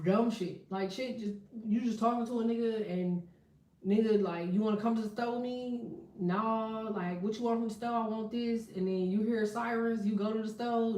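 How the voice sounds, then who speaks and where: A woman's voice: medium pitch, dark tone, recorded from a distance. Candid, cursing woman in an echoey room. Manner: profane, candid storytelling with laughter. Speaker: tarot and astrology reader. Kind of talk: casual livestream chat. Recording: echoey room, voice set back from the mic.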